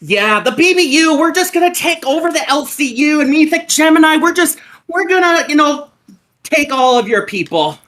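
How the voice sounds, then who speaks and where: A man putting on a loud, brash woman streamer who shouts and calls out in a sing-song way. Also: very high voice, very animated, moderate pace, full character voice. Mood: taunting. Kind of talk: comic impression on a live stream.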